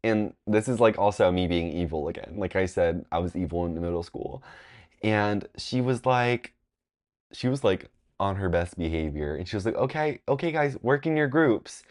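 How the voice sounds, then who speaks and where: A man in his twenties telling a rambling, animated storytime vlog, full of "like" fillers. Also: low-pitched, normal speed. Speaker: vlogger. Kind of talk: casual storytime.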